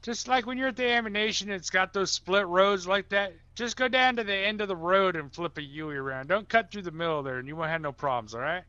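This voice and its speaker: A man plays a laid-back police officer in a game roleplay, speaking in a loose, colloquial drawl. His voice is high and bright, and it comes through a dull, lo-fi mic. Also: fairly quick, few pauses, clear, resonant tone, no room sound. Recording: dull lo-fi sound.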